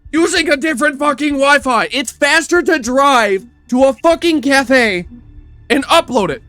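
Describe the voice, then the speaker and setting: A man's voice: very high-pitched, fairly bright tone, no echo. A man hosting a podcast, telling stories in an exasperated, profane casual rant. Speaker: podcast host. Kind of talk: casual ranting storytelling.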